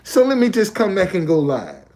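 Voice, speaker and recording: A man's voice: high-pitched, huge pitch swings, moderate pace, darkish tone. A man talking casually on a livestream from a hotel, looping back and repeating his points. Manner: repetitive, loose conversational, restates points. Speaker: live streamer.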